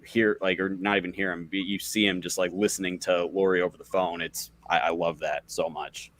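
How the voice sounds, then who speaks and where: Halting man, faint hiss behind. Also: low-pitched, little pitch movement, fairly bright tone. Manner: halting, full of "like" fillers. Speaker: podcast guest. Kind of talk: casual panel discussion.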